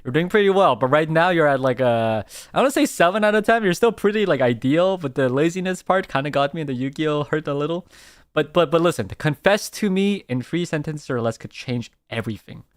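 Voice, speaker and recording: A man's voice: fairly high pitch, expressive, fairly quick, clear, resonant tone, no echo, clean studio sound. Playful rambling male streamer. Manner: playful, rambling, many fillers and restarts. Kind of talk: casual livestream chat.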